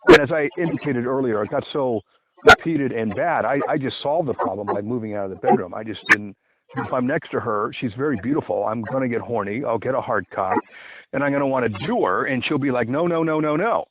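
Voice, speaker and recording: A man's voice: mid-range voice, a little fast, crowd noise. A man, an author, telling his own dating story in a blunt, rambling monologue full of asides. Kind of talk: unscripted personal monologue. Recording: tinny phone-line recording with clear background noise.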